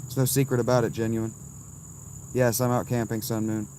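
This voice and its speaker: A man in his thirties, live streaming from a campsite and answering his chat with blunt, dismissive, quick replies. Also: mid-range voice, level tone, warm tone, slight background noise. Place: outdoors at a campsite.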